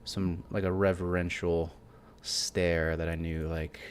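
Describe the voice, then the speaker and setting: A man playing a tabletop role-playing game, describing his character's actions and speaking in character in a hesitant, halting way. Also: low-pitched, little pitch movement, a little hiss or hum. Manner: hesitant, halting, with many fillers. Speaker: player.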